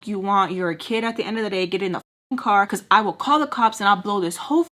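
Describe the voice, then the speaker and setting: A woman's voice: mid-range voice, quick pace, a bit bright, natural voice. Woman quoting a harsh, bossy female caretaker; scolding, swearing. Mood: angry.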